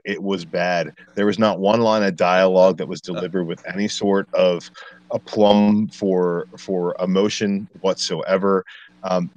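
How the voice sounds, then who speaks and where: A man's voice: low-pitched, no room sound, highs cut off. A man ranting a blunt, profane movie review as a podcast co-host, exasperated and swearing freely.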